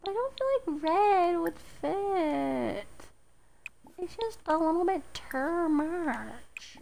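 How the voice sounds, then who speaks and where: A woman streaming a life-sim game live, cooing over her pet one moment and shouting in mock rage the next, with plenty of swearing. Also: sits high, vocal fry. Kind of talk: live gameplay commentary.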